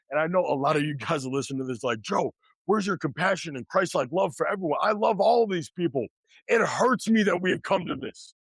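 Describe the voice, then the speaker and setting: Male podcast host, blunt motivational rant, emphatic and repetitive, slightly high voice, dry close recording. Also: creaky, husky, no echo. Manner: preachy, emphatic, repeats phrases.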